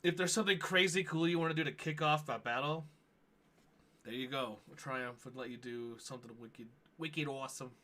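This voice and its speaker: A man in his thirties hosting a tabletop game stream, chatting loosely with lots of fillers and quick laughs. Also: mid-range voice, bright, forceful tone. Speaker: player and show host. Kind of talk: casual chat introducing a tabletop game stream.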